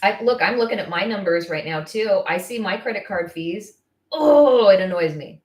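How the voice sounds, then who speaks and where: A woman coaching estheticians on business in casual live-stream talk, blunt, candid and quick to get fired up. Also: medium pitch, lively intonation, a little mellow, reverberant. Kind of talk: casual live-stream advice, answering viewer comments.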